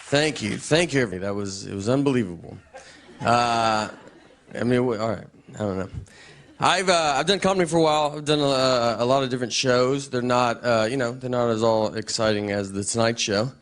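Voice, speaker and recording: A man with a Southern US accent telling stand-up stories in a dry, deadpan way. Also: mid-range voice, a little fast. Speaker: stand-up comedian. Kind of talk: stand-up set and talk show chat.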